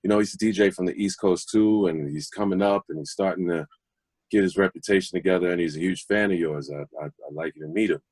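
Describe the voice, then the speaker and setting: A man's voice: low-pitched, fast talker, darkish tone, no echo. A man quoting a talkative man promoter who introduces a friend. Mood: eager.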